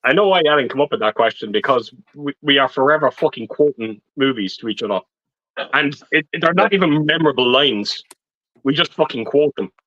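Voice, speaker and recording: A man's voice: mid-range voice, animated, brisk, a bit bright, no echo, muffled recording. A man trading sweary, self-deprecating banter with friends on a casual livestream. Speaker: regular panelist.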